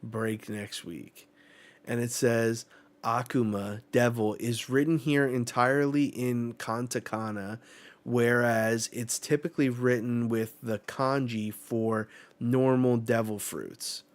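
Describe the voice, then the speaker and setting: A man reads a manga chapter aloud for his live reaction show, acting out the lines and breaking off to swear in excitement. He talks at an unhurried, drawn-out pace in a mid-range voice. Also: mid-range voice.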